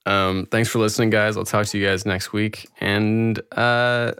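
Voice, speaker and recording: A man's voice: on the low side, flat delivery, unhurried, fairly bright tone, clean tone, dry recording, studio quality. A man hosting a podcast on his own, chatting casually in a rambling, laid-back way and swearing often. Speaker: podcast host. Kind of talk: casual solo chat.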